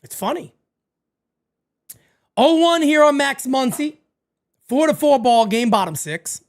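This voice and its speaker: A woman hosting a live baseball watch-party stream, chatting casually and profanely, dropping into low mutters between bursts of energy. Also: animated, unhurried, a little mellow.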